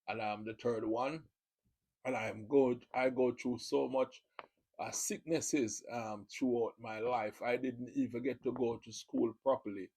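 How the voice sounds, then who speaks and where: Jamaican man hosting his own channel, husky voice, meandering casual testimony, mid-range pitch. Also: darkish tone, low-quality recording. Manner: rambling, full of "you know" fillers. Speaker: video channel host.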